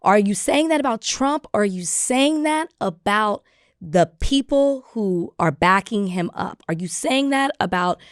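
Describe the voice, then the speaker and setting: A woman's voice: medium pitch, lively intonation, measured pace, no room sound, studio quality. A woman co-hosting a podcast, talking politics casually and pressing pointed repeated questions. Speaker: podcast co-host.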